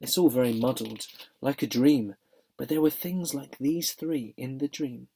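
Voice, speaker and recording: A man voicing an old cab horse who speaks slowly and thoughtfully, as if half remembering. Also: medium pitch, gravelly, dark tone, a little hiss or hum. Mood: dreamy. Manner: slow and thoughtful, halting.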